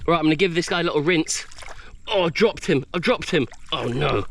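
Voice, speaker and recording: A man records himself outdoors on a tropical island, narrating his own hunt for food. He is out of breath and excitable, and his slightly high voice swings a lot in pitch. Faint background noise sits under the recording. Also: normal speed, gravelly, pauses often. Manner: excitable, exclaiming often, narrating while hunting. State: out of breath, sweating. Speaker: bushcraft vlogger. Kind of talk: excited handheld outdoor vlog.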